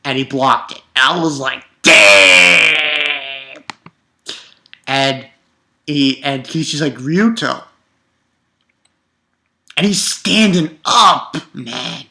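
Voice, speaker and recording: A man casually reviewing a comic chapter, rambling with restarts and bursting into excited, profane outbursts. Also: medium pitch, normal speed, few pauses. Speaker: manga reviewer.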